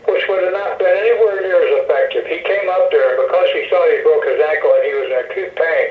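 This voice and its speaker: Older male phone guest, storyteller, higher voice, echoey tinny line. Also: animated, a little fast. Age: 70s. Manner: rambling anecdotes with restarts, acts out quoted voices. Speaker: interview guest, retired wrestler.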